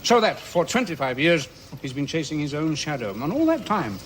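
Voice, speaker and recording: Sarcastic, lively-voiced bitter man for a radio play, a little high. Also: a little fast, a little hiss or hum. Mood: scornful. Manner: mocking, ranting, sarcastic. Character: bitter, sardonic middle-aged man, scornful of his brother-in-law. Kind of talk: radio drama acting.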